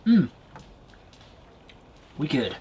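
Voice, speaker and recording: A man from Britain vlogging from a small wood cabin with a stove, chatting in a relaxed way and talking straight to his viewers. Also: drawn-out words, slight background noise. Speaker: outdoors vlogger. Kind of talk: casual vlog to camera.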